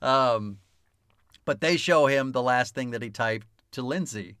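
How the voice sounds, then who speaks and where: A man's voice: mid-range voice, unhurried, a bit bright, clean tone, no echo, studio quality. A man co-hosting a casual film podcast, swearing freely and laughing often as he talks. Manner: profane, laughs often, mock-stern teasing. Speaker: podcast co-host. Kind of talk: casual chat about a film.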